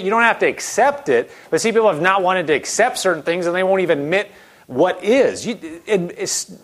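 Earnest man preaching in a conversational way. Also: sits high. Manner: earnest, conversational, acts out quoted voices; starts animated, later softens to a quiet gentle tone. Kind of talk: sermon.

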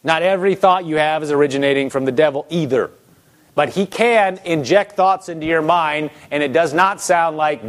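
Guy preaching, kinda high voice, casual sermon w lots of rhetorical questions. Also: normal speed. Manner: rhetorical questions, animated acting-out of thoughts. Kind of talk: conversational sermon.

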